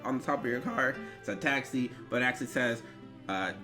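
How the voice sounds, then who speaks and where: A man's voice: medium pitch, over music, pitched below the performer's own voice, natural voice. A man doing a rambling drunk older guy. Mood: mumbling. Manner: halting, stammering.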